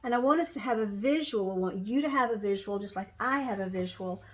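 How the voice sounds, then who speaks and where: A woman in her sixties giving gentle, encouraging self-help advice outdoors on a bright day, often repeating herself and restarting phrases. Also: mid-range voice, fairly quick, no echo. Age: 60s. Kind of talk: casual instructional talk to camera.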